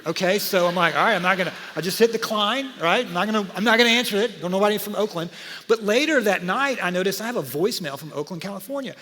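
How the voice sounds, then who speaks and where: A male pastor from Georgia, USA, preaches a story-filled sermon in a church auditorium, talking straight to his congregation in a lively, animated, conversational way. His voice sits high and moves very fast, recorded live in a church hall with long reverb.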